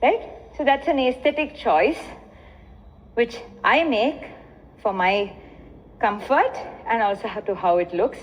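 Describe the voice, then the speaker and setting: A woman's voice: a little high, a little slow. An Indian-accented woman teaching a dance lesson, explaining steps and chanting rhythmic dance syllables in between. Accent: Indian English. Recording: echoey hall, muffled lo-fi sound.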